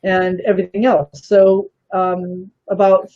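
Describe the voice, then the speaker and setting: A woman's voice: mid-range voice, little pitch movement, takes it slowly, lo-fi sound. A woman guest telling a story in casual talk, animatedly acting out the voices of the people she quotes.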